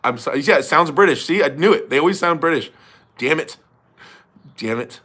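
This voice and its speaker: A young man hosts a livestream in loose, easygoing chat, cursing and laughing as he goes. His voice is bright and forward. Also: fairly high pitch, lively intonation, a little fast. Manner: loose, swears often, laughs a lot. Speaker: livestream host reading super chats. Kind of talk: casual chat.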